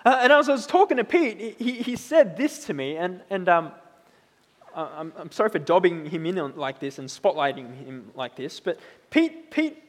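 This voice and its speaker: A man in his thirties preaching a sermon in a relaxed, conversational way, often checking in with "right?". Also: high voice, normal speed, in a large hall. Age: 30s. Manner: conversational, tag questions like "right?".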